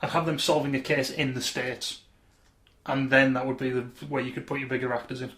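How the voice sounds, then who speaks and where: A man's voice: medium pitch, level tone, a little fast, fairly bright tone, echoey room. A man co-hosting a podcast in casual, playful and teasing chat. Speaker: podcast co-host.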